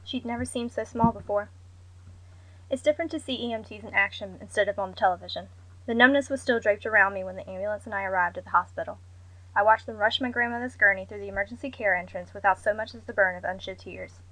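A young adult woman reading a first-person story aloud in a measured, subdued way. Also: mid-range voice, a bit bright, low-quality recording. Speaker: narrator.

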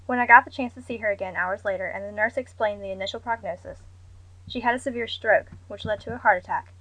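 A young adult woman reading a first-person story aloud in a measured, subdued way. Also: mid-range voice, fairly bright tone, no echo, poor audio. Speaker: narrator.

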